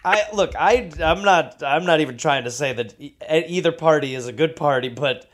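A man co-hosting a comedy podcast, reacting to the story with incredulous, sarcastic remarks and halting restarts. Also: a little high, slight background noise. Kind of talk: casual comedic podcast banter.

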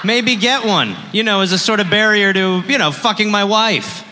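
A man's voice: high voice, moderate pace, long reverb tail, noisy background. A man co-hosting a live comedy podcast, riffing with an exasperated manner. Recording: live show with loud ambience.

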